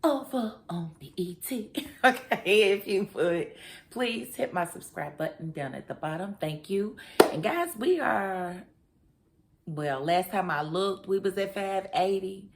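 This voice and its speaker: A TV review vlogger with a creaky, expressive mid-range voice recaps a drama episode a little slowly. The casual chat is slangy and aimed straight at her viewers.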